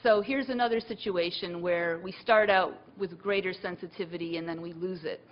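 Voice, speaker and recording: A woman's voice: on the low side, fairly even intonation, normal speed, dull audio, a little hiss or hum. A woman giving a university lecture, thinking aloud with many fillers and restarts.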